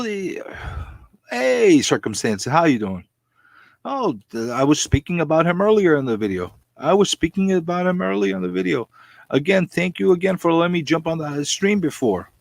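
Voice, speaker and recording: A husky-voiced man rants on his comic book stream with jokey mock outrage. His pitch swings all over the place, and the sound is dry and close. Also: dry recording. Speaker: comic book channel host. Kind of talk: ranting live-stream chat.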